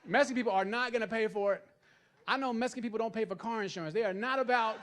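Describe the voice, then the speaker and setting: High, bright-voiced male stand-up comic. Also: rapid-fire. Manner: chatty, asks the crowd for agreement. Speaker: stand-up comedian. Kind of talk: stand-up comedy set. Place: stage at a live comedy event.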